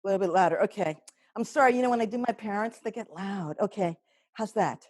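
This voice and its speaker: A woman's voice: medium pitch, a little mellow. A woman comedian casually setting up her next piece. She halts and restarts with plenty of fillers and pokes fun at herself along the way. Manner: halting, many fillers, self-deprecating. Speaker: solo performer and comedian. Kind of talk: casual introduction to a live-streamed performance.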